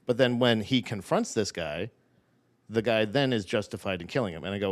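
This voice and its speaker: A man's voice: fairly low pitch, a little fast. A man co-hosting a podcast in casual chat. He talks in a heated, rambling way and swears a lot. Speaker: podcast co-host.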